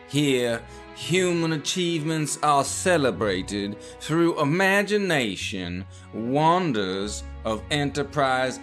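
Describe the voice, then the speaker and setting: A man's voice: on the high side, fairly bright tone, heavily acted. A man voicing a pompous southern company executive giving a grand, stately dedication speech.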